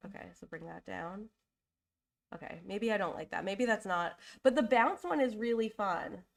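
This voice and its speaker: Gravelly-voiced woman hosting a live design stream. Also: medium pitch, expressive, moderate pace. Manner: chatty, thinking aloud with fillers and self-corrections; openly emotional and apologetic. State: getting over a cold. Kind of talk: casual live design commentary.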